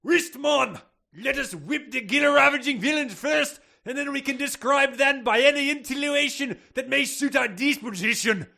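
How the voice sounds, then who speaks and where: A man voicing a combative Scottish professor with a Scottish accent, in a loud, theatrical, rolling delivery, read aloud on a podcast. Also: very high voice, moderate pace, gravelly, pitched above the performer's own voice, full character voice. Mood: bombastic. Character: blustering Scottish professor, male, middle-aged, combative.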